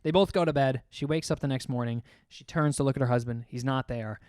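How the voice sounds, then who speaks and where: A man's voice: medium pitch, brisk, a little mellow, clear, resonant tone, dry recording, clean studio sound. A young man co-hosting a casual podcast, telling crude jokes with lots of swearing and laughing at his own punchlines. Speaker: podcast co-host. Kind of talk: casual joke-telling chat.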